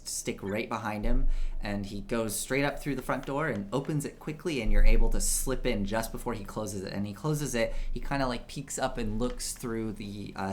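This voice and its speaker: A man's voice: fairly low pitch, slight background noise. A man running a tabletop game as game master, narrating in a loose, chatty way full of fillers.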